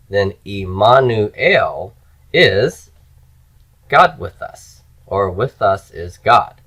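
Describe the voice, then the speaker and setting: A man's voice: sits low, a bit bright, husky, poor audio. A man teaching Hebrew grammar in a recorded lecture, explaining step by step and chanting word forms for students to repeat.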